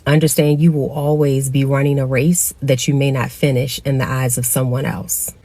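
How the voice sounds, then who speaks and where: Mellow, earnest motivational speaker. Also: mid-range voice, little pitch movement, moderate pace, no room sound. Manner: earnest, direct, encouraging. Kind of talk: motivational talk.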